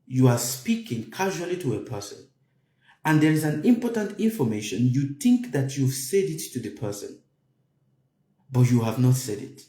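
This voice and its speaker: A man delivers a spiritual talk in a roomy, echoing space. His mellow voice swings widely in pitch, rising sharply whenever he stresses a point. He circles back and repeats phrases as he explains. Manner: emphatic, repeats phrases, voice climbs high for stress. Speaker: spiritual teacher. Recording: roomy echo.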